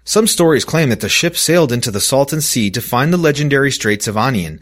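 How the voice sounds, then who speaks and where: Lively man narrating ghost legends. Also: a little fast. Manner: storytelling with lively, rising and falling pitch. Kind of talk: scripted narration of desert legends.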